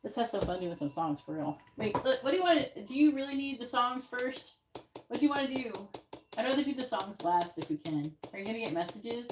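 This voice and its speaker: A woman's voice: a little high, very animated, brisk. A woman doing a live tarot reading who talks bluntly and swears freely, repeating her questions again and again as she shuffles. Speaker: tarot reader. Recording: loud background noise on a live stream.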